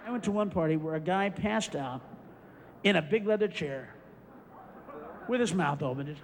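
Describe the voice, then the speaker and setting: A man's voice: a little high, expressive, normal speed, long pauses, long reverb tail. A male stand-up comedian ranting and screaming through a routine on a club stage, acting out scenes. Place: club stage before a live audience. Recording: live show with loud crowd and noise.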